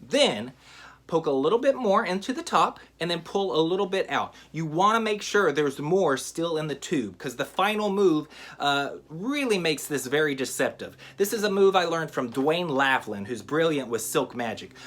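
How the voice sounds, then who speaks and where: A man teaching a magic trick in a relaxed, chatty how-to style, with frequent fillers. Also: on the high side, moderate pace. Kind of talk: casual how-to tutorial.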